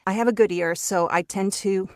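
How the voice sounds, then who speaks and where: A woman's voice: medium pitch, steady tone, brisk, no room sound, clean studio sound. A Mexican-raised woman whose first language is Spanish, chatting as a guest voice actor in an interview, with lots of restarts and repeated words. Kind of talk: casual interview chat.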